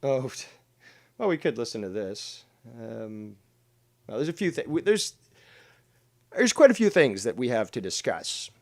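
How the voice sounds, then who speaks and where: A man's voice: mid-range voice, sing-song, a little slow, long pauses, a little mellow. A man hosting a drama commentary show, talking over clips in a mocking, profane, combative way.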